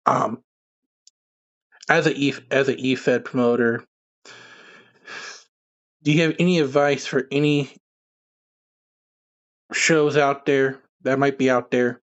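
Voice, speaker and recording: A man hosting a casual online talk show, putting questions to his guest in a relaxed, conversational way. His voice sits at an ordinary pitch. The audio is slightly dull and lo-fi. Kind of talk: casual podcast chat.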